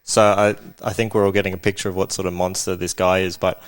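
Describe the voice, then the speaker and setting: A man hosting a podcast, asking interview questions in a hesitant, gentle, prompting way. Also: low voice, little pitch movement, quick pace, clean tone. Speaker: podcast host.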